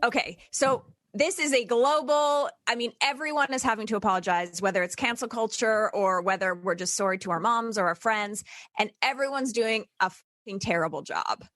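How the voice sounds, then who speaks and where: A woman co-hosting a podcast, chatty and animated in casual talk. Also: on the high side, moderate pace, dry recording, clean studio sound. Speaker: podcast co-host.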